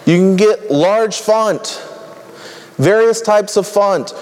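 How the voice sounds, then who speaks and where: Man, preacher, high-pitched, lively list-making sermon, echo of a large hall. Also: slow. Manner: conversational, humorous, rattles off long lists.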